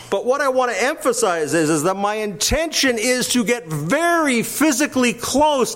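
An older man delivering a sermon with a fairly high-pitched voice. He preaches with animation, rising into emphatic bursts and dropping into soft, quiet asides. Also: very animated, moderate pace, few pauses. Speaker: pastor.

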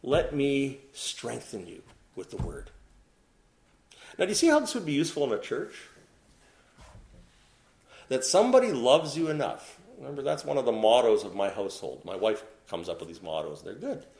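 Animated man preaching in an echoey room. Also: mid-range voice, a little fast, vocal fry. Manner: animated preaching with rhetorical questions to the congregation. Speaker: pastor. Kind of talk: sermon.

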